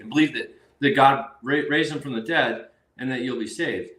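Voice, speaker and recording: A man's voice: medium pitch, moderate pace, fairly bright tone. A man hosting a faith interview show, eagerly sharing his own testimony in casual chat. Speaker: podcast host. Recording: roomy echoing room.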